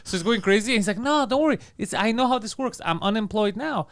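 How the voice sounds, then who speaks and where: A man co-hosting a comedy podcast, telling a story in casual comic style and acting out the lines of his friends. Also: sits high. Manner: rapid, animated, acts out quoted friends. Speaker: podcast co-host.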